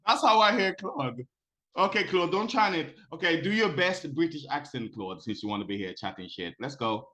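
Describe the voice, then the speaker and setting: A man's voice: a little high, expressive, moderate pace, sharp tone. A man hosting a casual talk show, chatting in a playful, teasing way. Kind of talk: casual chat.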